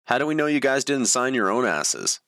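A man's voice: medium pitch, very animated, moderate pace, bright, forceful tone, no room sound, clean studio sound, pitched above the performer's own voice. A man voicing a sarcastic, taunting young college guy.

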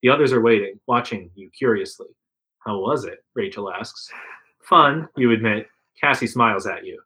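On a rough recording, a man with a lowish, sharp-toned voice reads an interactive second-person adventure to his friends at normal speed. He performs the quotes with some liveliness.

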